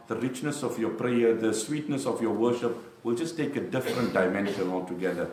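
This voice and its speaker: A middle-aged man preaching a sermon, animated and storytelling, shifting from hushed to loud. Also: on the low side, brisk, few pauses, slight background noise. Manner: animated, swings from hushed to loud, addresses listeners as bro. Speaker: imam and lecturer. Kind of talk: lively sermon with storytelling and humor. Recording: echoey room.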